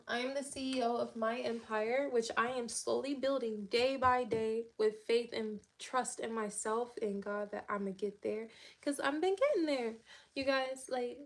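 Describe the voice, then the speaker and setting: A woman hosting a casual livestream, chatting upbeat and loose with lots of fillers, talking straight to her viewers. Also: a little high. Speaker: livestream host.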